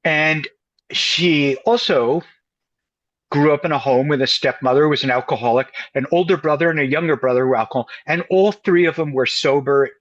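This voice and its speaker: Here the same kind of speaker, a U.S. couples counselor being interviewed, speaks fairly quickly in a somewhat high voice as he tells a story and performs the voices of its characters. The audio has its highs cut off.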